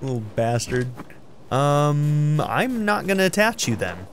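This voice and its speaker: A man's voice: fairly high pitch, very animated, slow, slight background noise. A man casually commenting on his own gameplay, exasperated, swearing and laughing at the game. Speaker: let's play gamer.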